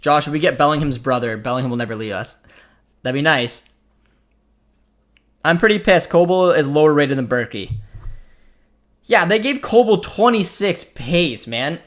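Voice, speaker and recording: Young man, Canadian accent, live football watchalong host, casual chatty commentary, reads out chat, slightly higher voice. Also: lively intonation, normal speed, pauses often, fairly bright tone. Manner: chatty, reads out chat messages, reacts to the match.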